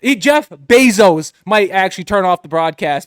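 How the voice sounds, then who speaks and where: A man's voice: high voice, expressive, moderate pace, dry recording, studio quality. A young man hosting a casual sports picks chat, joking and upbeat in his banter. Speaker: host.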